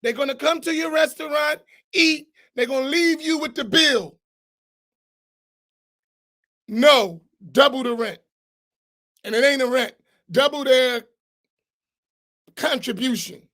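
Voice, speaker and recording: Blunt, high-voiced imam. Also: male voice, unhurried, long pauses, bright, forceful tone. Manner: blunt, emphatic, colloquial. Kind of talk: mosque class talk. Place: mosque.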